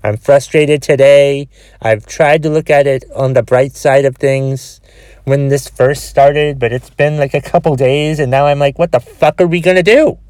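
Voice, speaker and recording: A man with a cold and a cough hosts a solo podcast, rambling in frustration, restarting sentences and swearing heavily. His mid-range voice has a darkish tone and fairly even intonation at a normal speed, with no room sound.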